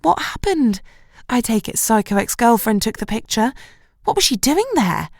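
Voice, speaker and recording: A woman's voice: moderate pace, dry recording, studio quality. Woman voicing a gushing best friend. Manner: gushing, high and excitable. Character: bubbly caring young woman best friend.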